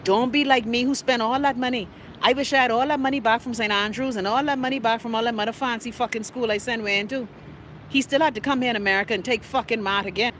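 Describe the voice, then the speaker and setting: A woman's voice: a little high, fairly even intonation, fast talker, a bit bright, slight background noise. A middle-aged woman with a Bahamian accent hosting a live talk show. She rants in a brash, profane way and teases her viewers by name. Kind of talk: casual live-stream rant.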